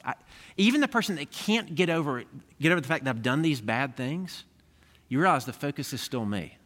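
A man's voice: fairly high pitch, animated, a little fast, fairly bright tone. A man preaching a sermon as pastor, talking to the congregation in a conversational way and often checking in with them. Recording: echoey hall with long reverb.

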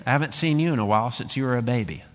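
A man voicing a gentle half-giant male groundskeeper in a sermon retelling, speaking earnestly and emphatically. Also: medium pitch, rapid-fire, close to an everyday voice. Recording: long church hall reverb.

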